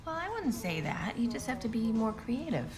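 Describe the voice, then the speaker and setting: A woman's voice: fairly high pitch, sing-song, normal speed. An actress playing a free-spirited, encouraging activist mother in her middle years. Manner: breezy, encouraging.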